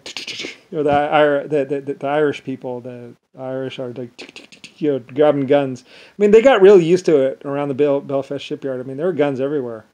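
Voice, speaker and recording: A man's voice: medium pitch, warm tone. A man talking in a meandering monologue, often restarting sentences and leaning on repeated fillers. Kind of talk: rambling monologue.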